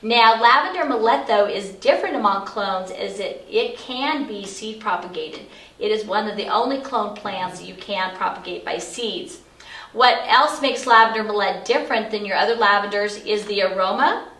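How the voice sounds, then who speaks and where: A woman's voice: mid-range voice, normal speed, a bit bright. Middle-aged woman teaching, echoey room. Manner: chatty, explanatory, frequent fillers. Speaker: essential oils educator. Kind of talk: casual instructional talk. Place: office. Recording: echoey room, far from mic.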